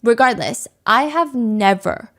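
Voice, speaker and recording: A woman's voice: a little high, expressive, slow pace, a bit bright. A woman hosting a podcast, telling a true crime story in a candid, conversational way. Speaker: podcast host.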